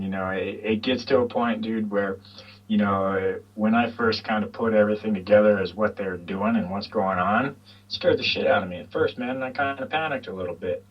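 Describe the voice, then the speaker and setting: A man with a low, husky voice rambles along in a laid-back, sweary way as a guest. He sounds distant from the mic, and the line is dull and lo-fi. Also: steady tone, normal speed. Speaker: guest, YouTube channel host. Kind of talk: casual chat.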